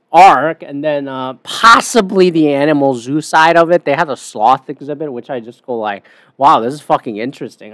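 A podcast host with a slightly high, somewhat bright voice delivers a meandering, sarcastic monologue, swearing heavily along the way, over a dry recording.

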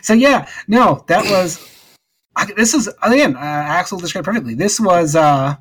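A man chatting as a podcast co-host, his voice on the higher side. He sounds eager and nostalgic, often breaking off and restarting his sentences. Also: lively intonation, fairly bright tone, breathy edge. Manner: enthusiastic, nostalgic, halting restarts. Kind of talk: casual chat.

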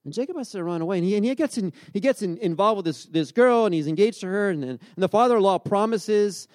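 A man's voice: high voice, animated, fast, few pauses, a little mellow, no echo, clean studio sound. A man in his forties giving a sermon in a casual, storytelling way, often restarting his sentences. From grew up by the beach. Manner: conversational, storytelling with many restarts. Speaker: pastor.

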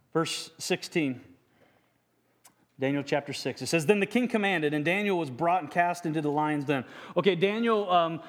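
A man's voice: fairly high pitch, big-room sound. A man preaching a sermon as pastor, stumbling and repeating words, reading scripture aloud and asking the congregation questions.

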